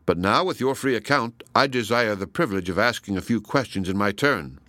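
Proud passionate woman, ironic, probing, as a male reader voices her, low voice, dry sound. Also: animated, a little fast, sharp tone, dry recording. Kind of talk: audiobook reading.

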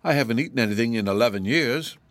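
A man's voice: medium pitch, lively intonation, quick pace, dry recording, natural voice. A man voicing a small, hungry young male dragon who whines and keeps pressing his questions. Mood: pleading. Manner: whiny and persistent.

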